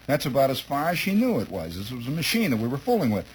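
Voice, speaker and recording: A man's voice: a little high, fast, few pauses, a little hiss or hum, rough recording. A man telling a humorous childhood story to listeners, chuckling often and acting out the scenes. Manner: chuckling, lively, acts out scenes.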